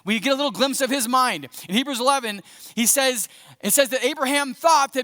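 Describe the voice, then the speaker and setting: A man preaching a sermon as a pastor, conversational and animated, acting out scenes as he goes. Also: very high-pitched, fairly quick. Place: church sanctuary. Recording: echoey church hall.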